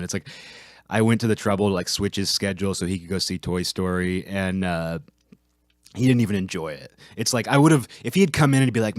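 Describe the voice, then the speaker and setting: A man's voice: low-pitched, quick pace, no room sound, clean studio sound. A man hosting a casual monologue, rambling with restarts and profane asides. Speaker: host.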